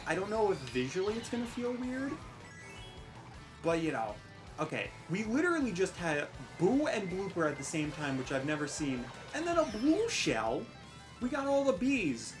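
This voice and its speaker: Chatty young woman with a lively low voice. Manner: chatty, rambling, self-mocking, yelps at the game. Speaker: gaming commentator. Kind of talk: casual let's-play commentary.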